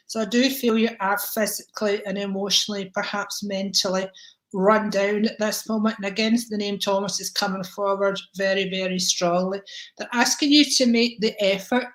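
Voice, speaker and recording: A woman hosting a live-stream card reading, chatty and warm with viewers, calling them darling, with a tickle in her throat. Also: mid-range voice, poor audio. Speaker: psychic reader and livestream host.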